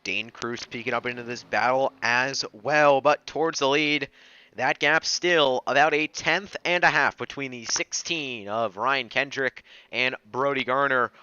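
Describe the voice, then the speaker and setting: Bright, crisp male race analyst. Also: medium pitch, measured pace, no room sound. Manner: steady, analytical race calls. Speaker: race commentator. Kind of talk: sim racing commentary. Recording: dry, slightly dull lo-fi mic.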